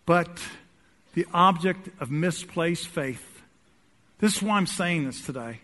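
Bright-voiced animated male preacher. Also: fairly high pitch, measured pace. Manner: animated storytelling, swings from soft asides to loud emphatic peaks. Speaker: pastor. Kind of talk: sermon with humorous personal story. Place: church sanctuary with congregation.

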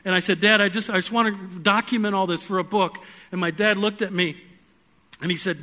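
A preacher with a bright, high voice recounts a personal story during an earnest sermon in church. His tone stays steady and his pace fairly quick, even as he shifts from loud pleading down to hushed quiet.

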